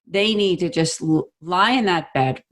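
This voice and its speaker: A woman hosting a podcast, thinking aloud in a reflective, agreeable way with soft fillers. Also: fairly low pitch, unhurried. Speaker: podcast host. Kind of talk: conversational podcast talk.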